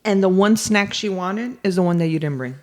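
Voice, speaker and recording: A woman's voice: mid-range voice, a little fast, a little mellow. A woman co-hosting a podcast in casual chat, laughing often and correcting her partner. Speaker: podcast co-host.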